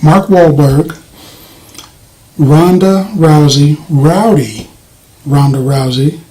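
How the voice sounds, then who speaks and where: A soft-spoken man giving a casual movie review, rambling with frequent fillers and restarts. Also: a little high, poor audio. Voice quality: voice does not carry, soft-spoken.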